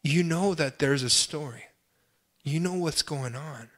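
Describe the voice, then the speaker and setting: A young adult man, a pastor, preaching a sermon with impassioned swells and pleading cries, then dropping to quiet, self-deprecating asides. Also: a little high, a little slow.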